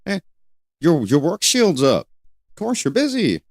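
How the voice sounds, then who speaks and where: An older man hosting a solo talk show, rambling and repeating questions with many pauses. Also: on the high side, huge pitch swings, no room sound, clean studio sound. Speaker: host.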